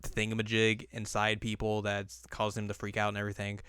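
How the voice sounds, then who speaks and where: A man's voice: lowish voice, completely flat delivery, brisk, bright, forceful tone, clean tone, no room sound, studio quality. A man co-hosting a podcast, talking casually and jokingly about anime with lots of fillers. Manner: easygoing, jokey, filler-heavy. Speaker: podcast co-host.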